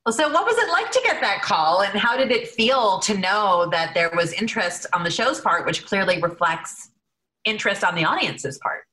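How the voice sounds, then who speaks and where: A woman's voice: mid-range voice, sing-song, normal speed, pushed and bright, echoey room. A woman hosting a casual interview, asking questions lightly and teasingly. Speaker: interview host.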